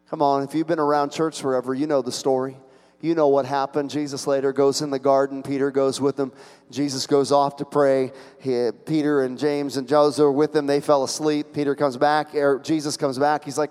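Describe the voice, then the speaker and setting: A pastor preaching a sermon, telling the story dramatically and swinging between loud and hushed. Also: male voice, on the high side, fairly even intonation, moderate pace, long reverb tail.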